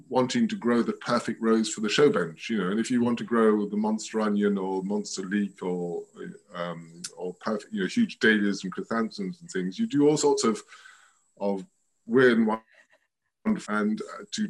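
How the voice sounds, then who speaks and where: Male guest, fairly low voice, meandering hesitant talker on a home video call. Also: normal speed, rough recording. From France. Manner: rambling, hesitant, restarts often. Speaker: guest rose expert. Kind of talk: casual chat over video call. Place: at home by a window.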